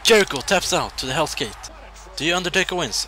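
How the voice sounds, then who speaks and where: A man casually commentating his own wrestling video game, excitable, jumping between loud shouts and quiet muttering. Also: a little high, fairly quick.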